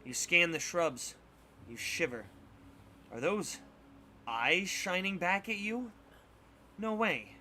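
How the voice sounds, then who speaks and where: A man reading a spooky choose-your-path book aloud with dramatic, expressive narration. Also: high-pitched, slow pace, long pauses, slight background noise. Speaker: storybook reader on a stream.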